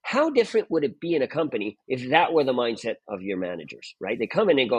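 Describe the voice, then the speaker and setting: A man's voice: medium pitch, very animated, fast, breathy edge, no room sound, lo-fi sound. A man speaking as a guest performance mentor, emphatic and full of "right?" tag questions. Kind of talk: animated interview talk.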